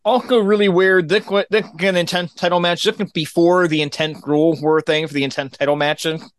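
A man talks through a wrestling card blow by blow in a dry, matter-of-fact way. His voice sits a bit high, and the recording is close and dry with no room sound. He sounds like a podcast regular giving the play-by-play and his opinions. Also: steady tone, a little fast, no room sound. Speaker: podcast host recapping wrestling shows. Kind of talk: casual recap chat.

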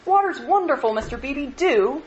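A woman's voice: high voice, lively intonation, normal speed, highs cut off, slight background noise, voice pushed up. A woman voicing a cheerful, boisterous young man who speaks in eager exclamations. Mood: exuberant. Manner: exclamatory, bouncy.

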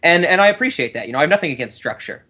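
Laughing podcast co-host, slightly high voice. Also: male voice, lively intonation, very fast, bright, forceful tone, muffled recording. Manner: laughs often, rambling with restarts. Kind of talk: casual podcast chat.

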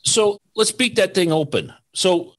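Male podcast host, higher-pitched, friendly and energetic. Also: unhurried. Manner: upbeat, leans on "right?" tags. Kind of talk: casual podcast interview.

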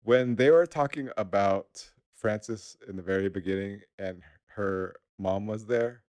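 A man's voice: on the low side, measured pace, darkish tone. A man co-hosting a podcast, chatting casually and laughing often. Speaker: podcast co-host.

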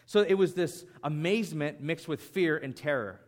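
A male pastor preaching with a slightly raised pitch. He talks in a lively, conversational way, like he's chatting with the congregation rather than reading. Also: normal speed. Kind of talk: sermon.

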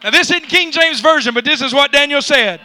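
A male pastor preaching a fervent sermon in a church, rising to shouts at the peaks. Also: extremely high pitch, brisk, soft background music. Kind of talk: pentecostal-style sermon. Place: church sanctuary.

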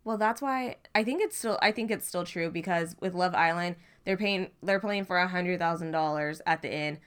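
Lowish-voiced chatty woman podcaster. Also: normal speed, smooth. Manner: animated, talkative, restarts often. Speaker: podcast co-host. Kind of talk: casual chat about reality TV.

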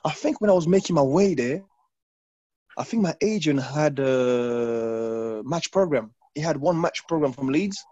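A former footballer from London tells stories in a casual interview, acting out his past self and repeating phrases with animation. His voice is on the high side and his pace measured, captured in dull, lo-fi, dry sound.

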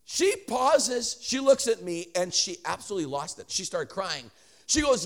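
A man, a traveling preacher, telling a story in an animated sermon with joking asides and many restarts. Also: high voice, normal speed.

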